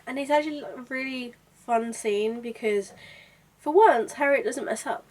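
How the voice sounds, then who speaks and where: A young woman giving a casual book review, chatty and excitable with lots of asides. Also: sits high, moderate pace. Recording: voice a bit far from mic.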